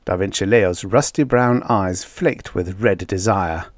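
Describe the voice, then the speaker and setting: A man reading a vintage science fiction story as an audiobook narrator, lifting his pitch to act out the heated dialogue. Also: unhurried, no room sound. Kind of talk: scripted narration.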